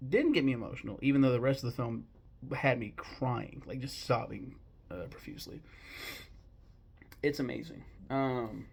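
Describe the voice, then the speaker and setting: Young American guy, gravelly, mid-pitched, blunt and sweary, casually ranting about movies. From United States. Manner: blunt, profane and rambling, with bursts of mock outrage. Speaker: host ranking films. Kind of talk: casual opinion talk.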